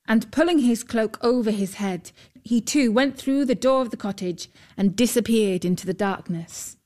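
Calm female storybook narrator, even, mid-pitched.

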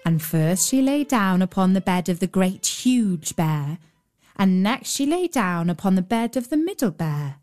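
A woman reading a children's fairy tale aloud as a storyteller, measured, with playful emphasis on repeated phrases. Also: mid-range voice, very animated, darkish tone, soft background music. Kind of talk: scripted fairy-tale narration.

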